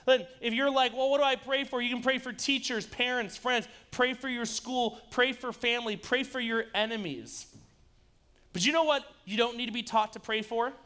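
A youth pastor with a high voice delivers an upbeat sermon to teenagers. He jokes, teases his audience and talks to them directly. His tone is bright and energetic. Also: normal speed. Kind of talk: lively youth-group sermon.

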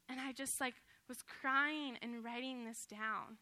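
A young woman with a high, very bright voice shares a personal testimony in sermon form. She speaks earnestly and from the heart, in a casual way full of fillers. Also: fairly even intonation, unhurried.

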